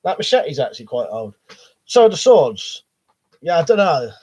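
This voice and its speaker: A man's voice: on the high side, sing-song, normal speed, a little mellow, husky. A man with a cold, coughing as he hosts a live stream, reading viewer chat in a rambling, sweary, hesitant way. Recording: dull lo-fi stream audio.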